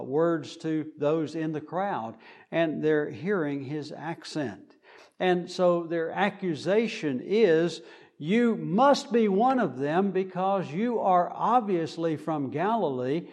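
Slow-speaking male preacher. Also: fairly high pitch, darkish tone. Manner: slow, deliberate, with frequent fillers. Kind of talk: sermon.

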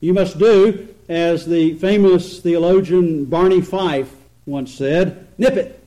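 A man preaching an expository sermon, earnest and emphatic, slowing down to stress points and swinging between loud and quiet. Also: a little high, steady tone, low-quality recording. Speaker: pastor.

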